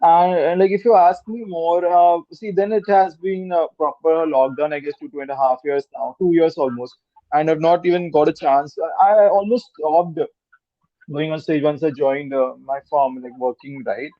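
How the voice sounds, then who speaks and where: A man's voice: fairly high pitch, moderate pace, no echo, muffled recording. A man with an Indian English accent, chatting as a podcast guest, rambling and repeating words, slipping into Hindi. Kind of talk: casual interview chat.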